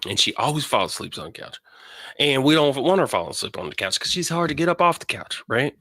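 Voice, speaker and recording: A middle-aged man hosting a casual spiritual talk, telling stories with animated acted-out quarrels in a high voice. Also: quick pace, no echo, clean studio sound. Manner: animated storytelling, acts out family quarrels in a high voice. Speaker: host.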